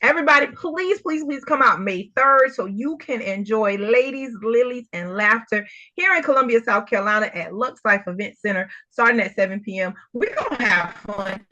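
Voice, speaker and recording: A woman's voice: on the high side, normal speed, hardly any pauses, muffled recording. A woman hosting an interview, gushing and encouraging toward her guest with endearments. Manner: effusive and encouraging, warm endearments. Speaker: interview host. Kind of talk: casual interview chat.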